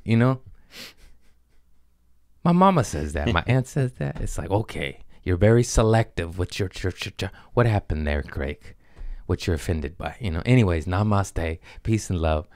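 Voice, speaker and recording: In clean studio audio with no room sound, a man hosting a podcast delivers a jumpy, scatterbrained comedic monologue, teasing himself whenever he loses track. His voice is on the low side and expressive, at normal speed.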